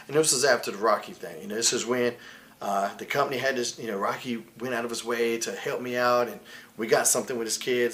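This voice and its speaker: In a mid-range, fairly bright voice, a man in his forties, a wrestler appearing as an interview guest, relates candid stories. He is blunt, heated and profane, swearing often and quoting people in put-on voices.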